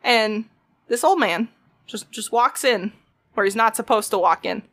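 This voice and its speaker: A woman's voice: on the high side, measured pace, fairly bright tone. A young woman, telling a story in casual chat, swearing freely and acting out quotes.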